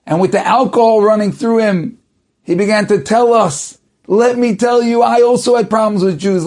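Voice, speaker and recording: A man's voice: high voice, a little mellow, voice pushed up. A man voicing a judge who firmly recounts how the truth came out. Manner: emphatic, proclaiming. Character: middle-aged male judge, firm and declaring.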